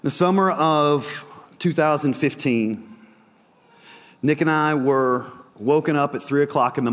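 A man preaching a sermon with a slow, dramatic delivery and long pauses. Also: mid-range voice, big-room sound.

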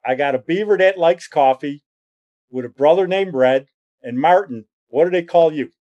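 Guy putting on his old school dean, gruff but amused, kinda loud and pushy. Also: a little high, normal speed, dull audio, voice pushed up, natural voice. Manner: brusque, questioning, louder. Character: middle-aged male school dean, gruff yet amused.

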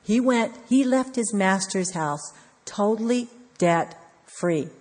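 A woman preaching an earnest, measured devotional sermon with repeated emphasis. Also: mid-range voice, lively intonation, darkish tone. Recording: long hall reverb.

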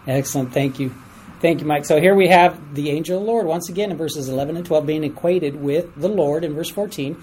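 Lively Bible study teacher leading a class. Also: mid-range voice, brisk, a little hiss or hum, low-quality recording. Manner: animated, asks the class for readers, chuckles at stories. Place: room with a class.

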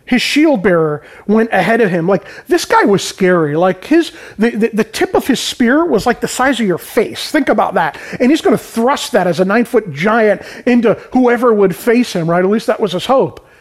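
A man with a high-pitched voice gives an informal sermon. He retells scripture in plain, everyday terms. He keeps checking in with his listeners. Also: lively intonation, moderate pace, hardly any pauses. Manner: informal, peppered with "right?" and "man". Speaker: preacher. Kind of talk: conversational sermon.

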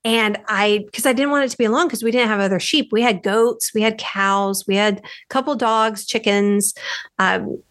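A woman's voice: mid-range voice, fairly even intonation, moderate pace, fairly bright tone. A woman podcast host from the United States, telling a personal story in a chatty, rambling way with lots of "like" fillers.

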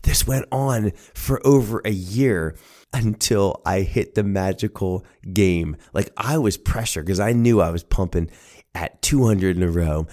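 A storyteller shares a family memory on a personal storytelling podcast, his voice low and his speed normal. Earnest and animated, he performs his relatives' voices as he goes.

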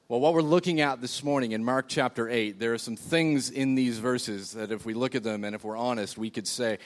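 A man's voice: medium pitch, moderate pace, hardly any pauses. A man preaching a sermon in a church, talking in a loose, conversational way with frequent fillers and restarts while seated. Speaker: pastor.

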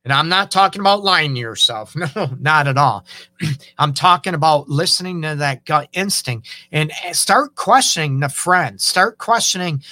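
Man, relationship counselor, casual advice talk, chatty with frequent "okay?" check-ins, slightly high voice, dry close sound. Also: lively intonation, normal speed, sharp tone, no echo. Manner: conversational, often checks in with "okay?" and "you know". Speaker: relationship counselor and show host.

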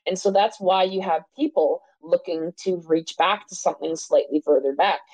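Passionate low-voiced woman, swearing freely. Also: normal speed, darkish tone, no room sound, low-quality recording. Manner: passionate, swears freely, says "right?" often. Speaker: podcast co-host. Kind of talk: casual discussion.

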